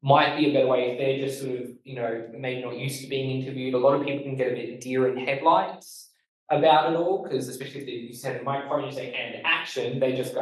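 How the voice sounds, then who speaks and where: An Australian podcast host gives a fast, loose instructional talk, stressing key words emphatically and stumbling through fillers. His pitch is ordinary mid-range, and he sounds distant from the mic in a heavily echoing room.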